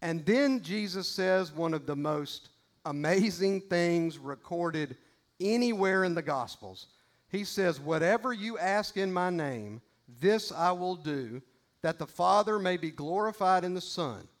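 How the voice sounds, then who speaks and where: Earnest high-voiced man preaching a sermon. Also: expressive, measured pace. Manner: conversational, earnest, reads scripture aloud; casual asides to the congregation. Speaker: pastor.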